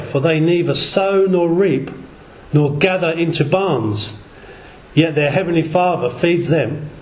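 A man preaching to a small gathering, reading scripture slowly and deliberately and sometimes stumbling over words and correcting himself. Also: fairly high pitch, a little mellow. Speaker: lay preacher. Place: small gathering in a reverberant room. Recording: echoey room recording.

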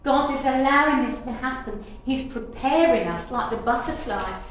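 This is a woman preaching at a normal speed, her voice sitting high. Her devotional message is earnest and declarative, with many repeated and restarted phrases, recorded in a very echoey space with faint noise.

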